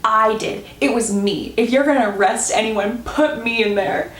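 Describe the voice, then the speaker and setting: A woman's voice: fairly high pitch, moderate pace, fairly bright tone, close to an everyday voice. A woman quoting a blunt sassy young daughter. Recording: roomy echo, distant from mic.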